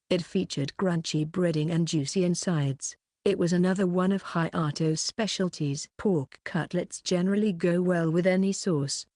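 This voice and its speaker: A woman narrating a light novel audiobook in an even, measured reading. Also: on the low side, no room sound, studio quality. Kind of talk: scripted narration.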